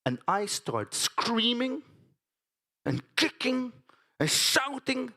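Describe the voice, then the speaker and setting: High-voiced storyteller man. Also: sing-song, takes it slowly, creaky, pauses often, bright, forceful tone. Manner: chatty, addresses the audience with tag questions. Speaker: stage performer. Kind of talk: theatrical storytelling monologue. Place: conference stage.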